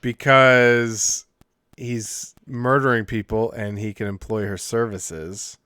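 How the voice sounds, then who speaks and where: Smooth-voiced man chatting on a podcast. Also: mid-range voice, slow, no echo, clean studio sound. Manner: animated, acts out scenes in quoted voices. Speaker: podcast co-host. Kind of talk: casual chat.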